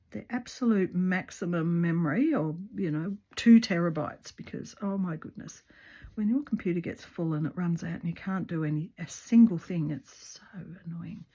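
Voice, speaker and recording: A woman's voice: on the low side, mellow. A woman chatting casually at home while she stitches, rambling along with lots of ums and restarts. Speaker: craft video maker. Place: her home.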